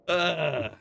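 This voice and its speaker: Man, game streamer, casual, swears, laughs a lot, very expressive pitch. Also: vocal fry. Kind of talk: casual live-stream commentary.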